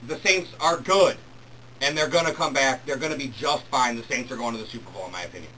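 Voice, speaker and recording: Young guy hosting a sports show, bright sharp voice, gets worked up fast, a bit far from the mic. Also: medium pitch, a little hiss or hum. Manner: excitable, worked up when ranting. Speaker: host. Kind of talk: solo sports talk show. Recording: distant mic with faint room ambience.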